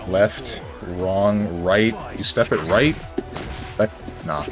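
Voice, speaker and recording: A man's voice: on the low side, extremely slow. A man streaming a fighting game, giving casual commentary with frustrated outbursts and sudden exclamations. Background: fighting game music.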